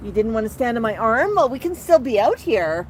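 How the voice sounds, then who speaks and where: A woman hosting a live stream from her patio, gently soothing her pet bird as if talking to a small child. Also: a little high, big pitch swings, a little fast, rough recording. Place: outdoor patio by a street. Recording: outdoor street traffic noise.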